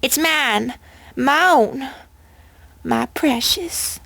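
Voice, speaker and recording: A woman voicing a possessive old female pony with a high, quavery old voice. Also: very slow, vocal fry, sharp tone, dry recording, full character voice. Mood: angry. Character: old female pony, fond of her ring, turning possessive.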